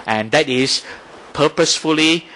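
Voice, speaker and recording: A man's voice: a little high, a little slow, pushed and bright, a little hiss or hum. A man giving a Buddhist dharma talk, explaining step by step and often checking in with "right?". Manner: explanatory, asks rhetorical questions, frequent "right?". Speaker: Buddhist teacher.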